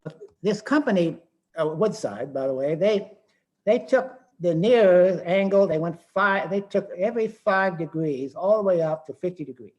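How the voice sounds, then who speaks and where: A man's voice: high voice, lively intonation, moderate pace, a little mellow, rough recording. An older man giving a technical lecture as a webinar presenter, thinking aloud with frequent restarts and fillers.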